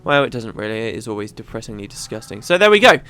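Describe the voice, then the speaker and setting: A man's voice: mid-range voice, sing-song, fast, bright, forceful tone, smooth, no echo. A man hosting a let's play, chatting casually and reading game dialogue aloud. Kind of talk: casual gameplay commentary.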